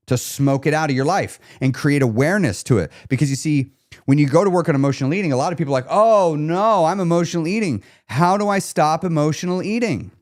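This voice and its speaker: A man's voice: medium pitch, a little mellow. A man coaching viewers on a live stream, speaking emphatically, repeating key questions and checking in with his audience. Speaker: weight loss coach.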